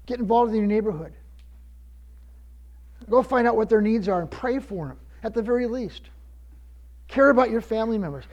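A pastor delivers his sermon in a high voice, repeating words as he gathers his thoughts. He leans hard into his emphasis. The recording is dull and lo-fi. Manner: stammering restarts, preacherly emphasis.

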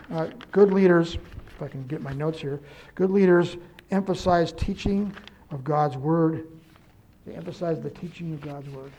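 A man preaching a sermon, quoting scripture and telling a story with lively emphasis and self-corrections. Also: a little high, slight background noise. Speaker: pastor.

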